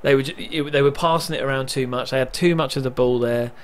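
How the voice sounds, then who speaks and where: A man's voice: mid-range voice, fast, a little hiss or hum. A young man casually commentating on his own football management game, narrating play and cheering on his team. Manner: chatty, narrates match events, erupts with excitement at goals.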